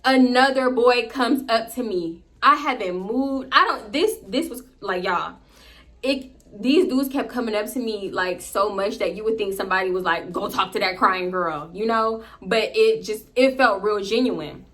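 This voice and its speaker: A young woman narrating a personal storytime for her viewers, animated and expressive. She swears freely and keeps turning to the audience with "y'all.". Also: a little high, moderate pace. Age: young adult. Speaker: storytime vlogger. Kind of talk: casual storytelling to camera.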